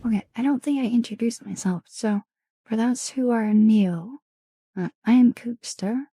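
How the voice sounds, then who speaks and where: A young woman hosting a live stream in whispered role-play, talking softly and affectionately, often dropping into a whisper. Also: a little high, normal speed, husky, dry recording. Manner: soft, affectionate, alternating whisper and quiet voice. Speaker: streamer host.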